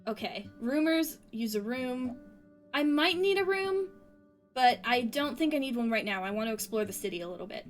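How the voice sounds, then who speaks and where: A young woman with a somewhat high voice giving chatty, giggly commentary as she plays through a text game. Soft guitar music runs quietly underneath. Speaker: streamer. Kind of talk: casual gaming commentary. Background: faint guitar music.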